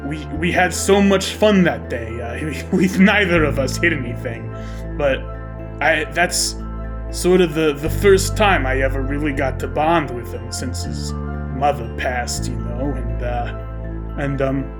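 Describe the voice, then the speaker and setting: A man voicing a middle-aged father who haltingly recalls a son he may never have had. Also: medium pitch, over music, close to an everyday voice. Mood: wistful. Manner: halting, trailing off, tearful. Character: grieving middle-aged father with lost memories.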